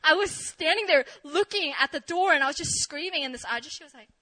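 A young woman telling an animated story to an audience, excitable and laughing often. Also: high-pitched, fast talker, low-quality recording. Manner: excitable, shrieks in re-enacted moments, laughs often. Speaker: speaker sharing a testimony.

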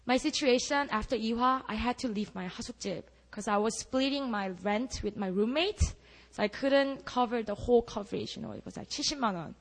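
Animated woman in a reverberant church. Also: on the high side, fast talker. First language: Korean. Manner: animated storytelling, acting out her own prayers and quotes. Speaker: speaker giving testimony. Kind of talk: testimony at a church prayer meeting. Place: church hall. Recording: long reverb of a church hall.

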